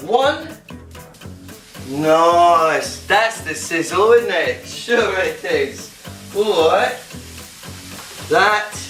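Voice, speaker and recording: A man's voice: high voice, big pitch swings, very slow, pauses often, heavily acted. A man voicing a chatty British alter ego of himself in a put-on English accent, rambling through a cooking demonstration in a home kitchen. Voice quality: rambling, silly, self-talking. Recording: roomy kitchen, distant mic, loud music.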